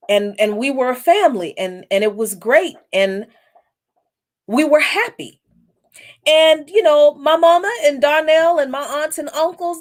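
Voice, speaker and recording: Candid woman telling a personal story. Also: sits high. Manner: reflective, candid, with frequent restarts and casual profanity. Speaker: podcast host.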